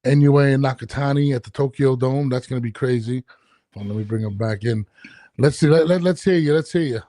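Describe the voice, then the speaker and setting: A man's voice: medium pitch, brisk, warm tone, no room sound, studio quality. A man hosting a casual podcast interview, talking loosely with many restarts and fillers. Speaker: podcast host. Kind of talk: casual video-call interview.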